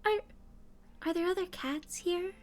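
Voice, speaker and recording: A woman voicing a gentle, timid blind female house cat who talks in a soft, friendly way. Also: very high voice, a little slow, voice pushed up.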